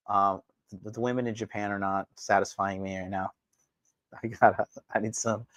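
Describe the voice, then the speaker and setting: A man hosting a live stream, ranting crudely and mockingly, his voice swinging from loud outbursts to low mutters. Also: a little slow, pauses often, no echo. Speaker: livestream host. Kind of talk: crude provocative livestream rant.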